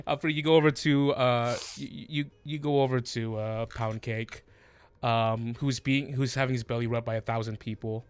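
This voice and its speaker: A man's voice: medium pitch, fairly even intonation, normal speed. A man narrating a tabletop game as game master, rambling and laughing often.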